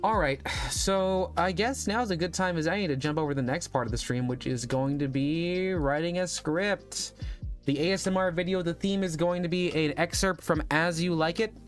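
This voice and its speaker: Rambling, slightly high-voiced male streamer. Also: moderate pace, faint music behind. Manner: rambling, thinking aloud while typing. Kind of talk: casual livestream chat.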